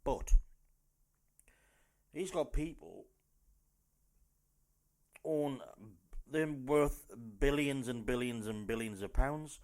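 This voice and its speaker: A man with a North East English accent hosting a loud, sweary, rambling news rant podcast. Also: medium pitch, very slow, pauses often. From North East England. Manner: loud, sweary, rambling, jumps into silly put-on voices. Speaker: podcast host.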